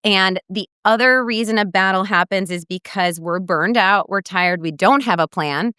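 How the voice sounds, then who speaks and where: A woman's voice: mid-range voice, moderate pace, pushed and bright, clear, resonant tone, no echo, studio quality. A middle-aged woman dietitian telling stories in a podcast interview, animatedly quoting others. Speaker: guest dietitian.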